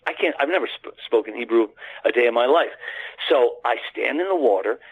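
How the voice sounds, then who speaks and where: A man's voice: mid-range voice, animated, fairly quick. A man telling a long personal story as a radio guest, earnest and rambling, with many restarts, addressing the host by name. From United States. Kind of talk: casual storytelling on a phone-in radio show. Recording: tinny phone line.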